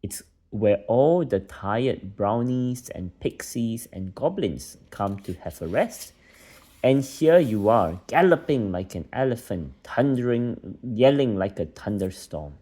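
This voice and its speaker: Dad doing a cross old storybook elf man, hissy and scolding, kinda deep. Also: animated, takes it slowly, warm tone. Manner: hissing, scolding. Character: thin fierce old male hushing brownie.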